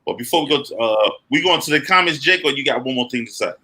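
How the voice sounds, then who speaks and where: A man's voice: mid-range voice, expressive, fast, pushed and bright. A man co-hosting a podcast in casual, blunt, profane chat. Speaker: podcast co-host.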